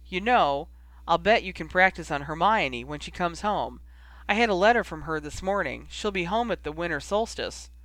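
Male reader playing a gruff, embarrassed teen boy, bright close voice. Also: a little high, animated, normal speed, no room sound. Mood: evasive. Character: teenage boy, gruff, embarrassed older brother.

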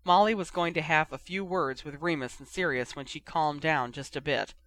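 Bright-voiced male storybook narrator. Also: on the high side, moderate pace. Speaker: audiobook reader.

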